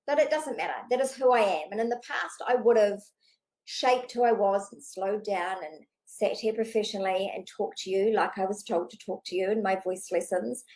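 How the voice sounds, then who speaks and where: A woman business coach speaking unscripted straight to camera, talking fast and animated, casual and swearing freely. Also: mid-range voice, rough recording.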